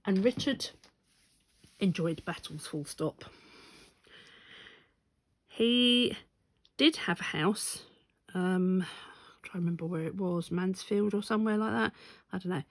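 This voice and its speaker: A woman with a slightly low voice tells a long, rambling story in a chatty vlog. She sounds amused and often backtracks to correct herself. The sound is dry and close, with little room echo. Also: a little slow, pauses often. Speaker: stitching vlogger. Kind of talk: casual anecdotal storytelling.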